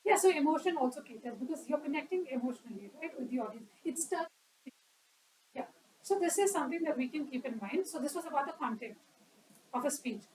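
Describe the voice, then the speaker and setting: A woman's voice: high-pitched, expressive, fast talker, darkish tone, recorded from a distance, low-quality recording. A woman giving an educational talk on public speaking at a club meeting, quizzing the audience and acting out examples.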